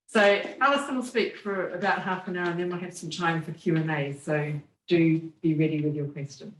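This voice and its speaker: A woman's voice: fairly low pitch, steady tone, moderate pace. A woman host introducing a guest speaker to an audience. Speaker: event host. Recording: echoey room, mic from a distance, faint noise.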